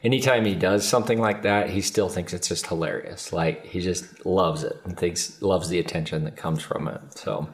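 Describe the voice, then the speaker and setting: A man co-hosting a podcast, an adoptive father speaking in an earnest, measured way with some repeated words. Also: low-pitched, steady tone. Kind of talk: reflective conversation.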